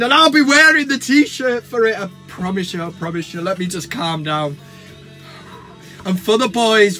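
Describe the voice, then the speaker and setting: A young man talks in a very high, bright, sharp voice. He is giddy and shouty, swearing freely as a fan vlog host, with faint music behind him.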